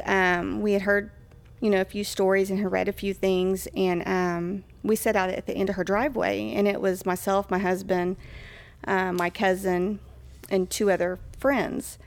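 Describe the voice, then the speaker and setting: Woman telling a ghost story, creaky gravelly voice, chatty with lots of ums. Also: mid-range voice. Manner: chatty, with frequent fillers and acted-out quotes. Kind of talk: casual storytelling.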